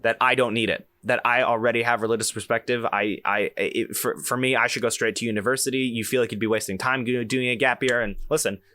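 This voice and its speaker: Bright-voiced young man telling stories. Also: medium pitch, fairly even intonation, fast talker, hardly any pauses, dry recording. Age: young adult. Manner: rambling, full of restarts and asides. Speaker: podcast host. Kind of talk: casual podcast storytelling.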